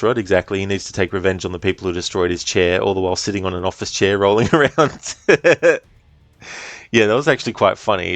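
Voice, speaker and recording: A man's voice: sits low, dry recording. A man streaming a game, chatting casually, reading chat aloud and swearing now and then. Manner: relaxed, chatty, reads chat aloud, swears, laughs often.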